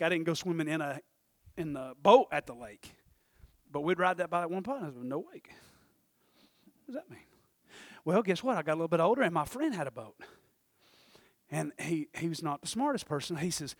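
A middle-aged male pastor, preaching a sermon with lively storytelling that swings from loud to hushed. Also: on the high side, dry recording, studio quality.

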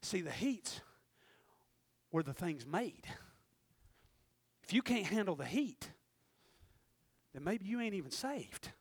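A preacher man delivering a sermon in a strikingly high voice, swinging from hushed asides to full shouts as he acts out his own prayers. The sound is close and dry, with no room around it. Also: sing-song, slow, pauses often, slightly rough, no echo.

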